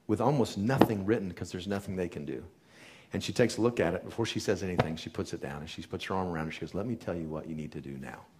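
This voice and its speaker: A middle-aged man with a somewhat low voice tells a patient's story to a seated audience. He speaks earnestly and with emphasis, letting his voice sink to a near hush before pressing back up. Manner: earnest, emphatic storyteller with sudden quiet drops. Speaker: chiropractor giving a talk. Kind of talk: storytelling talk to a live audience.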